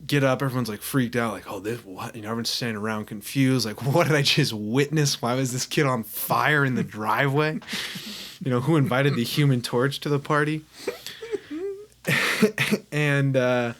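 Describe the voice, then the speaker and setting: A man's voice: medium pitch, a bit bright. A young adult man, a podcast guest, telling a story in casual chat and laughing often as he talks.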